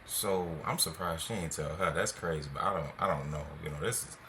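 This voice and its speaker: A man's voice: deep voice, a little fast, bright, forceful tone, slight background noise. A man hosting a podcast, reacting in a laid-back, joking, slightly unsure way. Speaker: host. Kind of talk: casual podcast chat.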